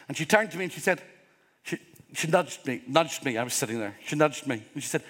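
A man's voice: a little high, animated, brisk, a bit bright, breathy edge. A middle-aged man preaching a sermon as pastor, earnest and openly vulnerable, rising to emphatic peaks. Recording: long hall reverb.

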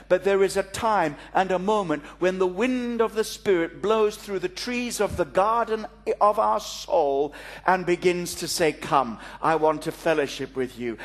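A pastor delivers a sermon in a fairly high male voice. He tells a story from the pulpit and tosses off playful asides to his listeners, speaking to a congregation in church.

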